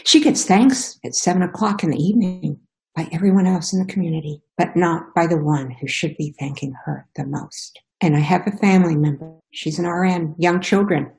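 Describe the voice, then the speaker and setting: A woman's voice: lowish voice, a little mellow, poor audio. A middle-aged woman from Indiana giving an emotional, impassioned testimony, her voice pleading and at times breaking.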